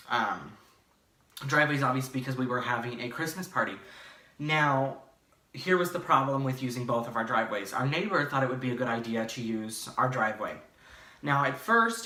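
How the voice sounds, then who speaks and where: Young man, casual storytime vlog, rambling, restarts, bright tone, roomy echo. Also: mid-range voice. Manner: rambling and animated, many fillers and restarts. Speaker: vlogger. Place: his bedroom, in front of a green screen. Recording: echoey room, slightly far from mic.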